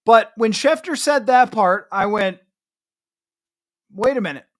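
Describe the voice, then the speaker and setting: A man's voice: sits high, fairly bright tone. A man hosting a solo sports podcast, giving chatty, emphatic commentary with self-mocking asides. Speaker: podcast host.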